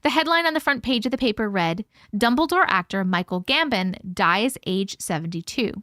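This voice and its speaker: A woman's voice: mid-range voice, expressive, moderate pace, a bit bright, dry recording, clean studio sound. A woman hosting a live stream, reading a viewer's story aloud and breaking in with chatty asides. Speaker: host reading viewer stories.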